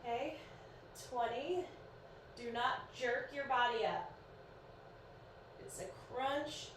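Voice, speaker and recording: A woman's voice: on the high side, slow pace. Chatty, encouraging female fitness coach counting reps on a live stream, slightly sleepy; roomy echo, distant mic, faint background noise. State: sleepy, yawning. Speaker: fitness instructor. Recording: echoey room, voice far from mic, faint noise.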